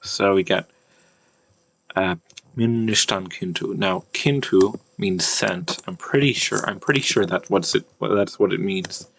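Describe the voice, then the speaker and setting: A man teaching an old language, thinking aloud, with many fillers and restarts and slow word-by-word reading. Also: deep voice, creaky, a bit bright, slight background noise. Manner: reads old-language text slowly, word by word. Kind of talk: casual screen-share lesson.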